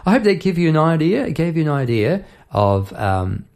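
A man from New Zealand hosting a podcast, telling lively anecdotes and mimicking the people in them. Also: fairly high pitch, moderate pace. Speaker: podcast host and musician. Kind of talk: storytelling monologue.

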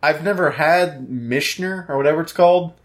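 A man's voice: on the high side, normal speed. A young man co-hosting a podcast, rambling and wry in casual chat. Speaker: podcast co-host.

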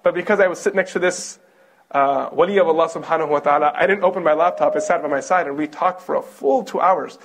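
Animated man lecturing. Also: on the high side, fast. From Kentucky, USA. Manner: animated storytelling, asks audience questions. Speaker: Islamic lecturer. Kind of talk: lecture on prophets' stories.

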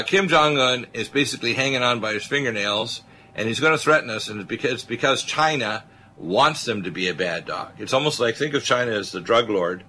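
A man's voice: lowish voice, bright, forceful tone, slight background noise. A man hosting a talk radio show, speaking emphatically and rambling with many filler uhs.

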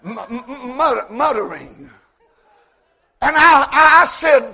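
High-voiced, gravelly preacher man. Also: slow. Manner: folksy joking storytelling, rising to shouts; repeats words when starting sentences. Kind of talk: sermon.

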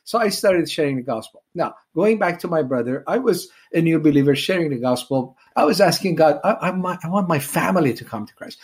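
Earnest man from Iran, higher voice. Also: slightly rough. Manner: earnest, emotional storytelling with acted prayers. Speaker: evangelist guest. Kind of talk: testimony in an interview.

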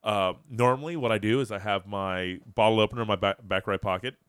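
A low-pitched man hosts a casual podcast and spins a bar story with plenty of swearing and energy. The sound is dry and close to the mic, with no room around it. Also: fast talker, smooth, no echo. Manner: profane, animated storyteller. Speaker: podcast host.

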